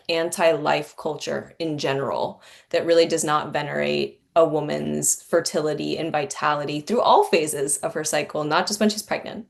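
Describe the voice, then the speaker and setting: A woman hosting a podcast, telling a personal story in an earnest, candid way, with many "like" fillers. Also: low-pitched. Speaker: podcast host. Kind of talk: reflective conversational storytelling.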